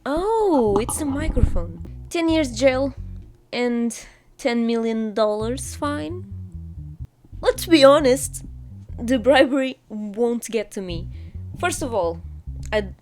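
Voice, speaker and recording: A woman's voice: fairly high pitch, expressive, slow, pauses often, a little mellow, faint music behind. A woman giving playful, exclamatory commentary while playing a courtroom game and reading on-screen text aloud. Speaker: gamer. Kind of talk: casual gameplay commentary.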